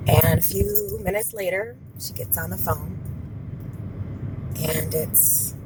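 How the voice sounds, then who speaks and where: A woman in her thirties telling a personal story to camera, candid and expressive, repeating words for emphasis. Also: lowish voice, slow, background noise. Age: 30s. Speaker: vlogger.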